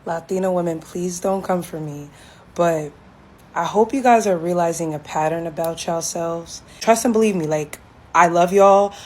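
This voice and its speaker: A woman's voice: fairly low pitch, moderate pace, a little mellow. A woman speaking straight to camera with a direct, lecturing opinion.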